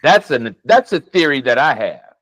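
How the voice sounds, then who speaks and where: A man's voice: medium pitch, big pitch swings, moderate pace, a bit bright, no room sound, poor audio. A man co-hosting a heated casual conversation, talking emphatically, swearing and laughing often. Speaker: podcast co-host.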